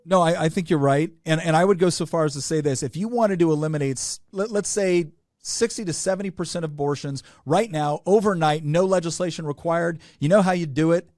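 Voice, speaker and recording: A man with a fairly high voice speaks with forceful indignation, hammering his points home with repetition. The sound is close and dry, with no room around it. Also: fairly quick, no echo. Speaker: guest, state delegate. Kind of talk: passionate interview talk.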